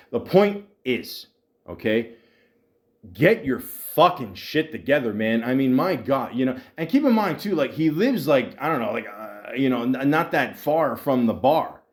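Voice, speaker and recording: A man's voice: medium pitch, very animated, measured pace. A man hosting a podcast, telling a long profane story in a rambling way, with many restarts and mocking voices. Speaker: podcast host. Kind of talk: ranting storytelling.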